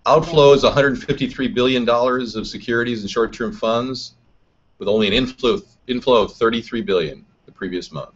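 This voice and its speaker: A man hosts a live political chat show, reading chat comments aloud and answering them combatively. His mid-range voice is brisk and husky, and the recording is dull lo-fi stream audio.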